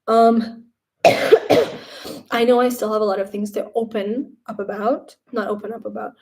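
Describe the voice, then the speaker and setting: A young woman chatting casually on a live stream from home, rambling and animated when quoting others. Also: mid-range voice.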